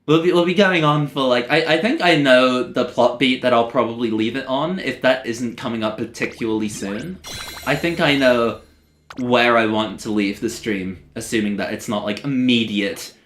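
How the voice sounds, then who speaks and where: A streamer commentating live on a game, reacting excitably and chatting with viewers. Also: medium pitch, moderate pace, echoey room.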